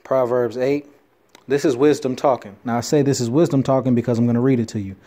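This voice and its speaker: A man giving an informal bible teaching, reading verses slowly and then explaining them with quick asides and self-corrections. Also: mid-range voice, fairly even intonation, warm tone. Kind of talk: informal scripture teaching video.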